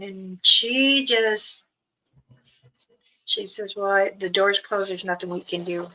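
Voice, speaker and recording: A livestream host chats casually about a trip, laughing often and reading viewer comments aloud. Her mid-range voice is bright and forceful, with fairly even intonation and a measured pace. The audio from her streaming setup is rough.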